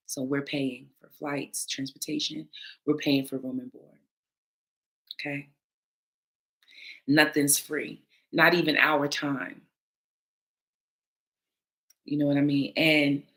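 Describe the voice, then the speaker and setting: Blunt woman panelist with a low, punchy voice; casual commentary, curses freely. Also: a bit bright. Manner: blunt, emphatic, swears freely. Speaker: battle rap panelist responding to viewer comments.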